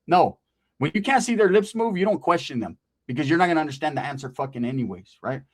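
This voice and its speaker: Male storyteller: lively, higher-pitched delivery, slangy and profane. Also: fast, breathy edge. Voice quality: animated, swearing, slangy, asks "right?". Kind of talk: comic storytelling.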